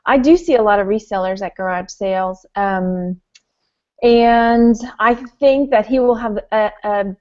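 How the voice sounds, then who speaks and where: A woman's voice: mid-range voice, a little slow, darkish tone. An American woman who is a guest on a casual chat, easygoing and laughing often. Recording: dull lo-fi audio.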